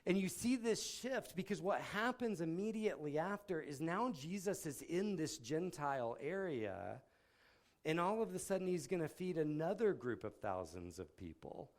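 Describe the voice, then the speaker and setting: A man's voice: fairly high pitch, very animated, normal speed. Male campus ministry speaker, laid-back conversational sermon, explanatory with casual asides.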